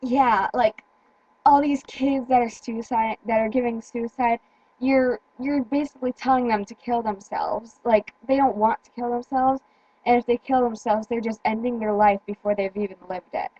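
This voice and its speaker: A teenage girl in casual chat, speaking earnestly with halting restarts and repeated words. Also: on the high side, fairly even intonation, mellow, no room sound, dull audio. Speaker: teen vlogger.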